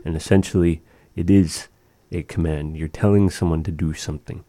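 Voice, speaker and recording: A man's voice: deep voice, fairly even intonation, normal speed, mellow, dry recording. A man teaching words and phrases of a language, patiently explaining grammar to a learner.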